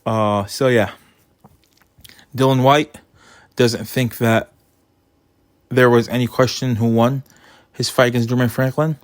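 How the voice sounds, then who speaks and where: A man giving his opinionated casual commentary on a boxing result, getting animated as he retells funny moments. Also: medium pitch, unhurried, pauses often, no room sound.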